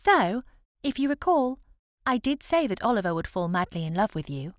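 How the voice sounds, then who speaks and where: A woman's voice: mid-range voice, big pitch swings, normal speed, no echo, clean studio sound, lightly acted. Selina, a chatty cheerful young lady, read by a woman.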